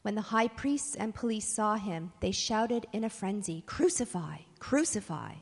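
A woman reading a scripture passage aloud in an even, unhurried way. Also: mid-range voice, in a large hall. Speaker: scripture reader.

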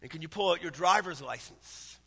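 A man's voice: a little high, fairly quick, creaky, a bit bright, husky, in a large hall, heavily acted. A man voicing a courteous police officer who speaks formally. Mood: polite.

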